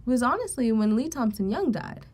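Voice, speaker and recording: A woman's voice: fairly high pitch, very animated, moderate pace, a little mellow. A woman co-hosting a podcast in casual chat, gushing and emphatic about what she loves. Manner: gushing, emphatic, laughs along. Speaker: podcast co-host.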